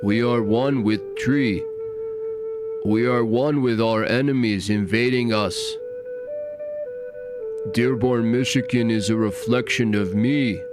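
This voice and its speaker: A man voicing a smug, naive hippie-like preacher in a slow, drawn-out, mocking delivery. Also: medium pitch, steady tone, music in the background, natural voice.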